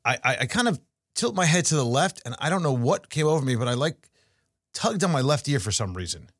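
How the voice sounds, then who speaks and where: A middle-aged man co-hosts a podcast and tells stories in an animated, casual way, often restarting his sentences. His pitch swings widely, and the close sound is dry. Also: fairly quick, dry recording. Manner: animated storytelling with frequent restarts. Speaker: podcast co-host. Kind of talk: casual chat.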